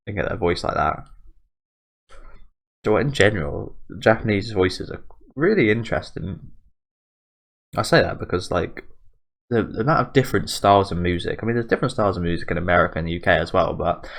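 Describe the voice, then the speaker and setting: A man's voice: low voice, animated, a little fast, creaky, long pauses. A young man hosting an anime reaction video, rambling casually with lots of fillers and restarts. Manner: rambling, filler-heavy, self-correcting. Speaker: anime reaction channel host.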